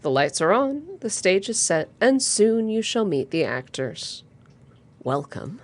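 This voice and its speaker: A woman's voice: mid-range voice, big pitch swings, measured pace, a little hiss or hum. A woman reading as a solemn cult member.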